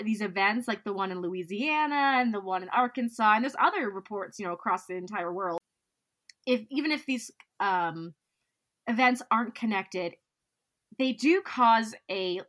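A woman's voice: fairly high pitch, lively intonation, normal speed, fairly bright tone. Playful woman reading out news facts. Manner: reads facts aloud with playful asides. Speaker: podcast co-host. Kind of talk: casual chat.

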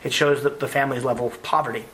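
Speaking very fast in a mid-range voice, this former US army officer recounts stories in a conversational interview with earnest energy and frequent word repeats. The recording is poor, with a little hiss or hum.

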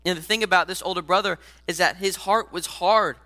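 Bright, earnest male preacher. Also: sits high, steady tone, fairly quick. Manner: earnest, addresses listeners directly as guys. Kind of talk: sermon.

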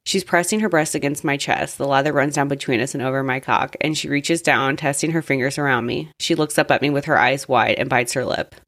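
A woman reads explicit fan fiction aloud as a podcast co-host. She narrates in the first person at an unhurried pace. The recording is close and dry, with no room sound. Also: very deep voice, fairly bright tone, no room sound. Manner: unhurried first-person reading with an aside in her own voice.

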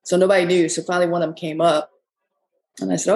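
A woman's voice: lowish voice, little pitch movement, fast, vocal fry, long pauses, a little mellow, rough recording. A woman who owns a bar, telling stories in a rambling, folksy way and often quoting people. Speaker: bar owner. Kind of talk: casual storytelling interview.

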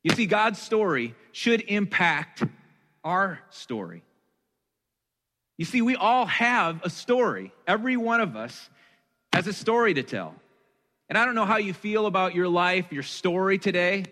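A male pastor in his thirties with a bright, ringing voice gives a sermon. His voice sits a little higher than most men's. Long reverb trails behind him, as in a large hall. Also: expressive, measured pace. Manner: conversational, with rhetorical questions and self-deprecating asides.

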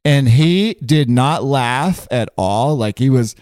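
A man's voice: mid-range voice, lively intonation, slow pace, a little mellow, dry recording. Rambling storytelling man, dry close mic. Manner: rambling, laughing, lots of filler words. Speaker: guest storyteller. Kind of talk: casual podcast storytelling.

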